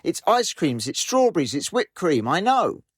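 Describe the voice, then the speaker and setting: A man's voice: a little high, sing-song, moderate pace, slightly rough, no room sound, studio quality. A man voicing a forgetful, touchy elderly husband in a joke, with a curt, indignant delivery.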